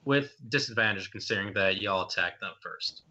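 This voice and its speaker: A man's voice: fairly low pitch, fairly quick, sharp tone. A young man running a tabletop game as game master, narrating in a loose, hesitant way with many fillers, on dull lo-fi stream audio.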